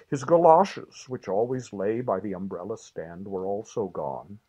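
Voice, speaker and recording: A man reading a classic children's story aloud for his family with gentle, expressive storytelling. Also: lowish voice, breathy edge, low-quality recording. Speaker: reader.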